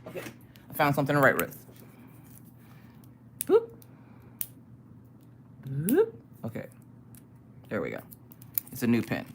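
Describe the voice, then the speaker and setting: A woman's voice: rumbling low, wildly swooping pitch, a little slow, pauses often, a little hiss or hum. A woman hosting a casual livestream, greeting viewers by name and chatting loosely. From United States. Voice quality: ticklish cough in throat. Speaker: livestream host. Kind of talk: casual live-stream chat.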